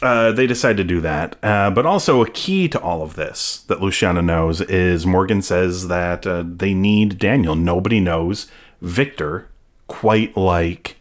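A man with a notably deep, low voice talks a little slowly through an episode in casual podcast chat. He rambles with many fillers and adds playful asides while recapping.

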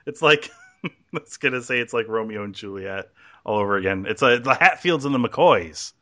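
A man's voice: mid-range voice, lively intonation, moderate pace, bright, forceful tone. A man hosting a podcast in casual chat, joking and laughing often as he rambles through plugs. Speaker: podcast host.

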